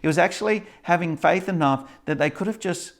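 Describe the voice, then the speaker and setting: A man's voice: on the high side, a little fast. A male pastor preaching a sermon, retelling a story with lots of fillers. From Australia.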